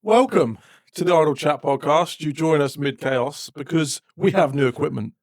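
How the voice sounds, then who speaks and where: A man's voice: on the high side, normal speed, a little mellow, dry recording. A man co-hosting a casual podcast, trading dry, wry quips. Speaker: podcast co-host. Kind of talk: casual chat. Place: home podcast setup, indoors.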